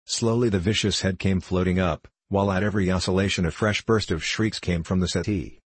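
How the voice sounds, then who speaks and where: A man reading a period novel aloud as a narrator, in a measured, even manner, giving the characters light voices. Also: low-pitched, husky, no room sound. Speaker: audiobook narrator. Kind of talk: scripted narration.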